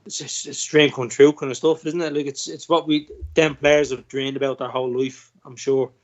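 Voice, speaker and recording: A man co-hosting a casual football podcast, talking in a halting way with many repeated words. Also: mid-range voice, flat delivery, highs cut off. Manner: hesitant, repeats words, says "like" often. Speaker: podcast co-host.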